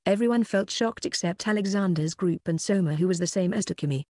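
Dry, even audiobook narrator. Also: mid-range voice, fairly quick, few pauses, dry recording. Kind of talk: audiobook narration of a web novel.

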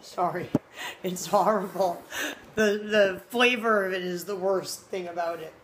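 Late at night, a tired-sounding woman hosts a casual food-tasting vlog, speaking into a phone camera indoors at home. She is blunt and candid, keeps talking with her mouth full, and has a lowish voice at a moderate pace. The audio is poor, with a loud crowd in the background.

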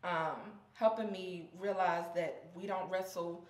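A woman's voice: on the low side, fairly even intonation, unhurried, echoey room. A young woman vlogging candidly about her faith, heartfelt and close to tears, in a casual, slangy way. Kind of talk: personal faith vlog.

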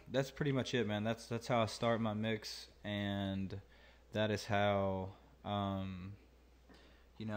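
A man hosting a mixing tutorial, talking casually and thinking aloud with many fillers. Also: on the low side. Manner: laid-back, thinking aloud with many ums and uhs. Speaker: mixing engineer and channel host.

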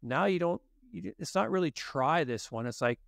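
A man's voice: on the high side, animated, moderate pace, vocal fry, dry recording, clean studio sound. A man as a guest expert on a podcast interview, explaining in detail and acting out exchanges with patients. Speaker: guest expert on genetics and nutrition.

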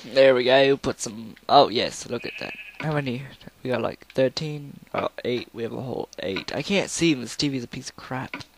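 A young man, a let's player, chats casually through his game, rambling and sometimes slipping into snippets of songs. His voice is medium-pitched and moderately paced with few pauses, and there's background noise.

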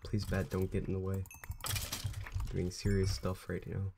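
A man's voice: low voice, completely flat delivery, a little slow, gravelly, noisy background. A young man chatting to viewers in a rambling way while he plays through a video game. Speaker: gameplay commentator. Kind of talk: casual let's play commentary.

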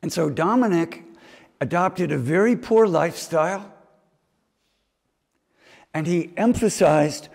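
A man's voice: on the high side, vocal fry, a little mellow, long reverb tail. A man preaching a homily, telling stories and slipping into mimicked voices now and then. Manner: storytelling preaching with mimicked asides. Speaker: priest. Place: chapel.

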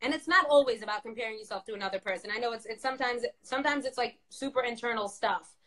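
A woman's voice: a little high, fast, fairly bright tone. A woman therapist on a casual live video call, explaining things thoughtfully with many fillers and restarts. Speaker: therapist guest. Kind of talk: casual live-stream conversation.

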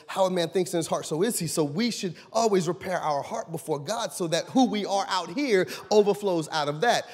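Husky high-voiced preaching man. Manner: preaching, swinging from loud shouts to low quiet asides. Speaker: pastor. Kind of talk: sermon. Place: church sanctuary. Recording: long reverb in a large church hall.

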